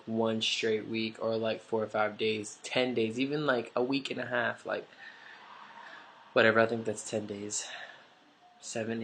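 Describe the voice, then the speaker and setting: A man's voice: medium pitch, a bit bright. A man with a stuffy nose telling a personal story in a casual, rambling vlog, full of "like" and offhand swearing, recorded on a camera mic. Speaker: vlogger.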